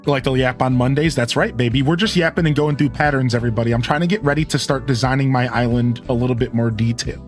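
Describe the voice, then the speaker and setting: A man's voice: mid-range voice, steady tone, quick pace, hardly any pauses, faint music behind. A man streaming live, chatting in a rambling, casual way and answering his chat.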